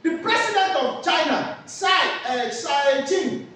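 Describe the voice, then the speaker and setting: High, lively woman lecturing a class. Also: unhurried, a little hiss or hum. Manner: asks the class rhetorical questions and answers them herself. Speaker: teacher. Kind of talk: classroom lecture with call-and-response questions. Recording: echoey room, voice from far off.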